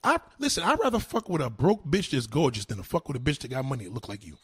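A man delivering a heated, profane rant to the camera, swinging between low mutters and loud insulting outbursts. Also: wildly swooping pitch, quick pace, breathy edge.

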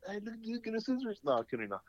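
A man's voice: high voice, very animated, fast, muffled recording, slight background noise. Swearing, rambling man telling stories. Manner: rambling storyteller, heavy swearing, acts out quotes. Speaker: podcast co-host. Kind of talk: casual chat.

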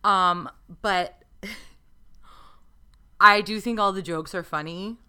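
A woman's voice: medium pitch, takes it slowly, pushed and bright, clean tone. A woman in her thirties co-hosting a podcast, chatting casually with wry jokes and free swearing. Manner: wry, joking, swears freely. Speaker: podcast co-host. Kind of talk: casual comedic chat.

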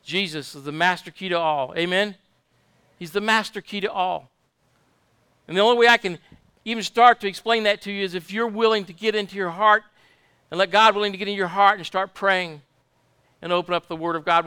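High, bright-voiced man preaching. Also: a little fast, clear, resonant tone, no room sound. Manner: fervent, repetitive, asks the congregation for amens. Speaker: pastor. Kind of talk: sermon.

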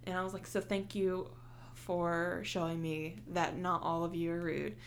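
A young woman telling a story in casual chat, animated and heated, swearing often and filling with "like". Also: fairly low pitch, measured pace, a little hiss or hum. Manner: heated, animated retelling with heavy swearing and many "like" fillers.

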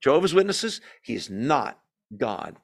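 A man leading a Bible study, teaching emphatically with rhetorical questions and dramatic pauses, speaking. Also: medium pitch, very animated, vocal fry. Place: church.

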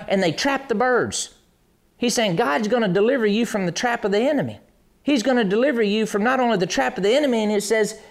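Preacher, sermon, animated, emphatic repetition, acts out scenes, chuckles, mid-pitched voice. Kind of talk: sermon with scripture reading.

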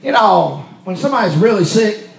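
High-voiced preacher in an echoey church. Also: male voice, expressive, normal speed, vocal fry. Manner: storytelling, rising to shouts. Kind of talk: sermon testimony. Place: church sanctuary.

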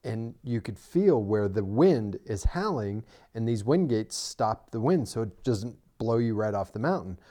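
A man's voice: lowish voice, measured pace, few pauses. A middle-aged man co-hosting a podcast in casual chat, telling stories and teasing his friend. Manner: teasing, animated storyteller. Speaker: podcast co-host.

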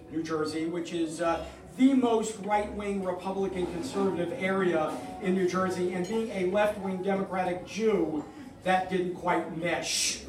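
Wry New man telling a stage story. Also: high-pitched. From New York. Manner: wry, profane, self-mocking. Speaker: comedian telling a personal story. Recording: roomy live hall from a distance.

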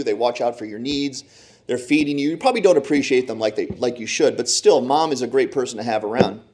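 A man preaching a humorous sermon, telling animated, self-deprecating stories. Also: mid-range voice.

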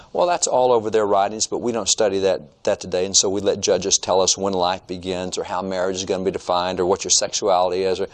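Middle-aged male speaker, emphatic lecture tone, reads from old books. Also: on the low side. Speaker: Christian history speaker. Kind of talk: informal lecture. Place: room with shelves of old textbooks.

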